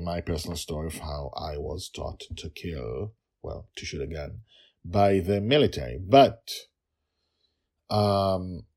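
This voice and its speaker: A man narrating a story and a personal anecdote as a podcast host, in a calm, measured way. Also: low voice.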